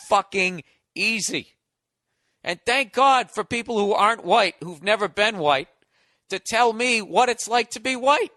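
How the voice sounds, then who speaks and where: An American man rants sarcastically on his podcast, swearing often. His voice sits high and sounds bright and forceful. The recording is close and dry. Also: dry recording. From United States. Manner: sarcastic, profane, mocking. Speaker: podcast host. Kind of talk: comedic podcast rant. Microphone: studio podcast mic.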